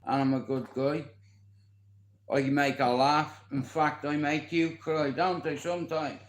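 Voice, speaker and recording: A man's voice: a little high, fairly even intonation, a little slow, poor audio. An Irish man in his forties, chatting on a live stream in a boastful, rambling way and swearing freely. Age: 40s. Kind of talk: casual live-stream chat.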